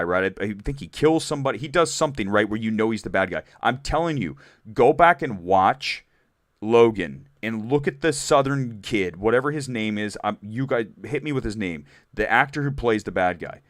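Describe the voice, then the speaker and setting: A man's voice: lowish voice, animated, normal speed, fairly bright tone, no room sound, studio quality. A man hosting a live stream, chatting casually and emphatically and answering viewer comments by name.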